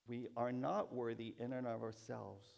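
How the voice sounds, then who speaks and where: A man preaching a sermon as pastor, speaking in a slow, prayerful way and building emphasis through repeated phrases. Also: medium pitch, flat delivery, creaky, darkish tone.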